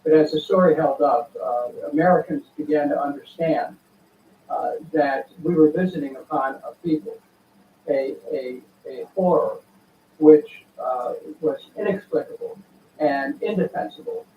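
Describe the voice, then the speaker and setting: An older man, a former congressman, speaking as a guest in a political interview, deliberate and earnest with many pauses. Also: fairly high pitch, big pitch swings, a little hiss or hum. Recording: tinny phone-like line, echoey room, from far off.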